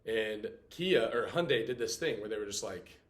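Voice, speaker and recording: A man in his late twenties teaching a class in a casual, animated way, full of fillers. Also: fairly low pitch, normal speed. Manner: animated, chatty, heavy on filler "like". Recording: roomy classroom echo.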